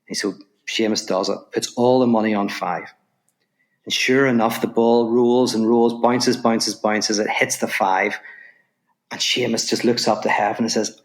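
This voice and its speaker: A lowish-voiced man from Northern Ireland speaks at a moderate pace as a podcast guest, telling a parable before moving into abstract ideas. A lively storyteller, he acts out the voices in his anecdotes and restarts phrases as he builds each point.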